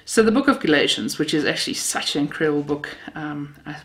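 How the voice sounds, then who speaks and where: A woman's voice: low-pitched, expressive, fast. A woman from Namibia, preaching a sermon built on personal stories, heartfelt with a self-mocking sense of humor.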